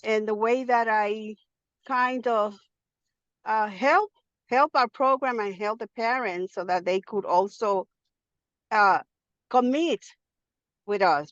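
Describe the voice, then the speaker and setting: Woman, higher voice, calling from a car, dull dry audio, hurried, halting. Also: dry recording. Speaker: director of religious education. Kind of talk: casual call-in sharing. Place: car while driving.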